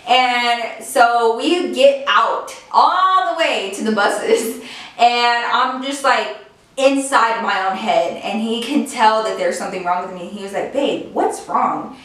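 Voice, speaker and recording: A woman's voice: fairly high pitch, slow pace, a bit bright. A woman telling a story to camera in a casual, chatty way, full of "like" and the odd swear word. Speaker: beauty and storytime vlogger. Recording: very echoey room, distant mic.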